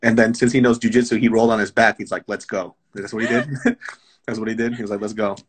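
A man's voice: mid-range voice, level tone, quick pace, husky. A man chatting casually, joking and mocking with playful quoted voices. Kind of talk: casual comedic chat.

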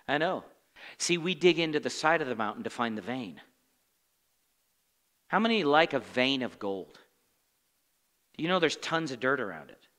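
A long church-hall reverb surrounds a pastor teaching scripture in a Bible study sermon from the pulpit of a sanctuary. He speaks at a normal speed with frequent pauses, his voice bright and lively. He's animated and conversational, quizzing the congregation with fill-in questions and muttering low impressions of grumbling complainers.

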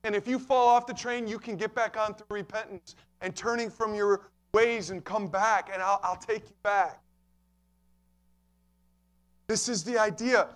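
A man's voice: sits high, fairly even intonation, a little slow, fairly bright tone. A man pastor preaching a sermon, emphatic and repeating key phrases, addressing listeners as friends.

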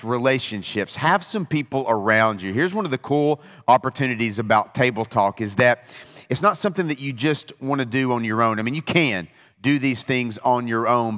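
A man's voice: medium pitch, a bit bright, long reverb tail. A man as pastor, giving a conversational Bible study talk with frequent restarts. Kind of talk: informal Bible study teaching.

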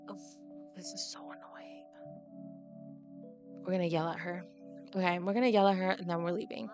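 A woman's voice: fairly low pitch, steady tone, quick pace, music in the background. Chatty exasperated woman narrating gameplay. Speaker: let's play host. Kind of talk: casual gameplay commentary.

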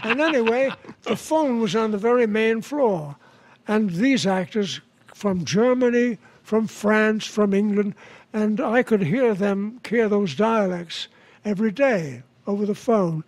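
An older man as a guest, telling anecdotes in a halting way with frequent restarts and chuckles. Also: high voice. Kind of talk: anecdotal interview chat.

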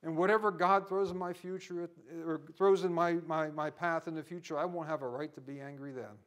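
A middle-aged man preaches with fervor, his fairly high voice swinging from hushed, personal asides to loud, driving peaks. It is a heartfelt sermon, spoken straight to the congregation. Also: steady tone, fairly quick. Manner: impassioned preaching, rising to near-shouting peaks.

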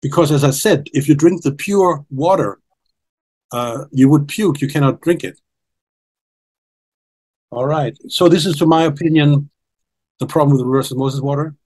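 Husky older man explaining insistently. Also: a little high, normal speed, pauses often, darkish tone, poor audio. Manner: earnest, insistent, repeats key points. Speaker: documentary guest presenting research. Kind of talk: explanatory interview talk.

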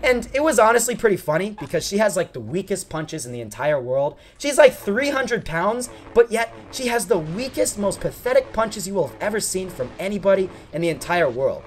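A man's voice: sits high, brisk, hardly any pauses. A young man, a gaming channel host, telling a long, rambling story over gameplay and often getting sidetracked. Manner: rambling, animated, easily sidetracked.

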